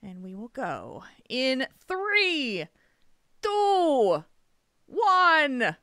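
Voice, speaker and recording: Bubbly bright-voiced woman host. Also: sits high, huge pitch swings, very slow, dry recording, studio quality. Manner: bubbly, laughs often. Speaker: podcast host. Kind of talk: casual podcast chat.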